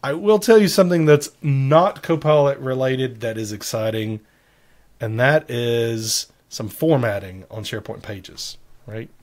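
A man co-hosts a casual tech podcast. He talks at a middle pitch for a man. He explains software features at length and slips in joking asides. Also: lively intonation, unhurried. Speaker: podcast co-host.

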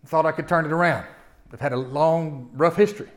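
A man in his forties delivers a sermon to his congregation. His voice sits a little high, and he shifts between soft, confessional storytelling and loud, fervent preaching. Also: a little fast. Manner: swings from hushed storytelling to loud impassioned preaching. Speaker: pastor.

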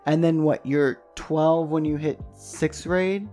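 A man's voice: on the high side, takes it slowly, soft background music. A young man from New York on a casual podcast, telling stories with lots of swearing. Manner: swearing, animated storytelling. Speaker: podcast co-host. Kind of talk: casual chat.

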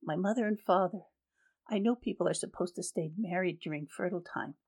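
A man's voice: high voice, brisk. A woman voicing a troubled young man who speaks frankly and resentfully about his family in a storybook reading. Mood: bitter.

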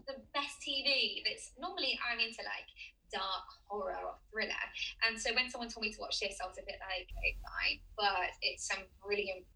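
A woman's voice: mid-range voice, a little fast, pushed and bright, recorded from a distance, low-quality recording. A woman guest chatting casually on a podcast, laughing often as she talks. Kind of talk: casual interview chat.

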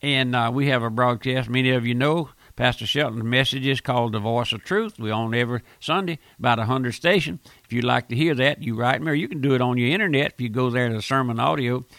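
Male radio preacher, gravelly and fervent, dry close-miked delivery. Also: mid-range voice, brisk, hardly any pauses, a bit bright, no room sound. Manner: fervent, repeats phrases, stumbling restarts. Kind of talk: radio sermon.

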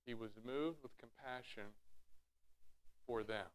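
A man's voice: medium pitch, slow pace, clean tone. A man preaching a sermon, teaching from scripture with rhetorical questions and acting out Bible scenes in raised voices. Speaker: pastor.

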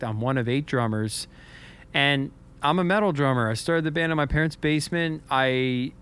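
A man co-hosting a podcast, telling a story in an earnest, reflective way, often halting and repeating his words. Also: mid-range voice, a bit bright, clean tone. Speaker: podcast co-host.

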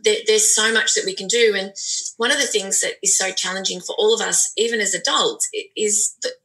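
A woman's voice: medium pitch, steady tone, fairly quick, sharp tone, rough recording. A middle-aged woman speaking as a parenting expert in a podcast conversation, thoughtful and explanatory, often restarting her sentences.

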